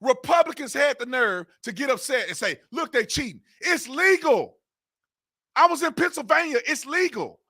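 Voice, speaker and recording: A man with a notably high, bright voice rants on his own commentary channel. He hammers the same rhetorical questions again and again in loose, informal speech, his pitch rising and falling in lively swings as his exasperation shows. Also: normal speed. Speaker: political commentary channel host. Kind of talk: ranting political commentary.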